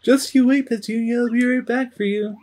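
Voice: mid-range voice, fairly even intonation, moderate pace, darkish tone, pitched above the performer's own voice, lightly acted. A game streamer voicing an earnest, eager young tiny creature who pleads and protests.

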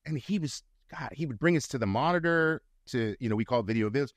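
The audio is studio quality with no room sound as a fast-talking, medium-pitched middle-aged actor tells stories during a casual guest interview. Animated throughout, he acts out the quotes as he goes.

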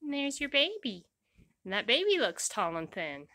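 A woman sheep farmer talking casually to her flock on a handheld phone, cooing at the animals with sudden high calls. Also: sing-song, normal speed, bright, forceful tone, dry recording, clean studio sound. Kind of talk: casual vlog among sheep. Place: outdoor sheep pasture. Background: sheep bleating.

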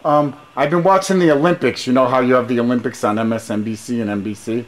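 A man's voice: mid-range voice, fairly even intonation, quick pace. A man on a rambling phone call, talking in a pushy, grandiose, sing-song patter full of rhymes and sermon-like lines. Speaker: caller.

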